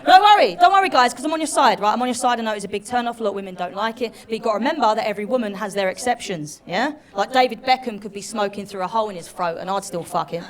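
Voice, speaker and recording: Fast-talking British woman doing stand-up. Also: medium pitch, expressive. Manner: chatty, cheeky, loud crowd work. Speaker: stand-up comedian. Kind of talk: stand-up set.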